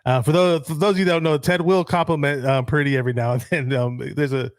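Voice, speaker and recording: A man hosting a sports talk show, chatting in a relaxed way and reading out viewer comments. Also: fairly high pitch, fast talker, no echo, studio quality. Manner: relaxed, many ums and restarts. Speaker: podcast host.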